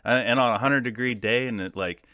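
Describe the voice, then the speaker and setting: An American man in his thirties, a podcast guest and former soldier, telling war stories in a casual, profane, animated way with frequent laughs. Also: mid-range voice, brisk, no room sound, clean studio sound. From United States. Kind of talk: casual storytelling.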